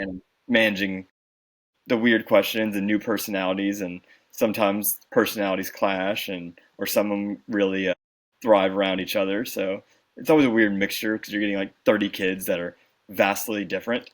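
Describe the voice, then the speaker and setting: A young man, a teacher co-hosting a casual podcast chat, talking in a laid-back, joking way. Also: on the low side.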